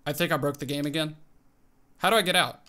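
A young man giving excited, animated commentary on his own gameplay, calling out tricks and reacting aloud. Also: on the high side, quick pace. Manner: animated, exclaims and narrates tricks to himself. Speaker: gaming video host.

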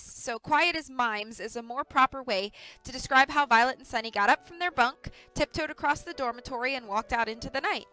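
A woman reading a children's novel aloud on a livestream, with clear, measured storytelling. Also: a little high, sharp tone, poor audio. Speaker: audiobook reader.

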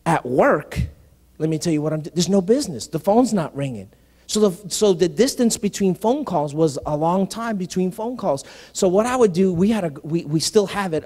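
A male senior pastor telling a personal story in a conversational sermon, animated, often saying "listen" and restarting phrases. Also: high-pitched. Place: church sanctuary. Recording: live sermon in a reverberant hall.

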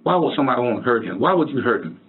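Man, police detective, interrogation, repeating questions, husky, lo-fi phone-like audio. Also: mid-range voice, sing-song, very fast.

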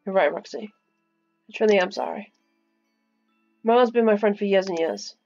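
A woman voicing a young former rival who speaks quietly and apologetically in a game's story scene. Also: mid-range voice, moderate pace, highs cut off, faint music behind, natural voice. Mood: remorseful.

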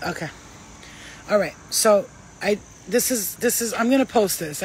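A woman's voice: mid-range voice, unhurried, long pauses, a little hiss or hum, rough recording. A woman who works as a spiritual healer gives casual, emphatic advice full of slang and swearing. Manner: emphatic, profane, slangy and animated.

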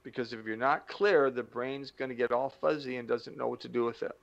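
A middle-aged man giving a motivational talk, animated, acting out little dialogues and slowing down to stress key points. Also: medium pitch, gravelly, lo-fi sound. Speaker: motivational speaker.

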